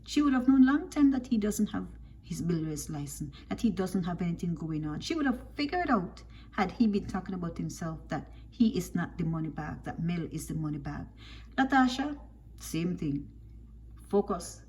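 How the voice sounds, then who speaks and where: A woman commenting on a reality show, scolding and animated, firing off rhetorical questions. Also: lowish voice, normal speed, a little hiss or hum.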